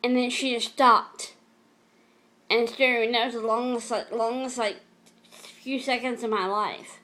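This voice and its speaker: A middle-aged woman speaks to her viewers in a fairly high voice, telling a painful story from her past. She talks in an emotional, halting way, often stopping to restart or repeat a phrase. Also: steady tone, pushed and bright. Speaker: vlogger. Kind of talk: personal storytelling vlog.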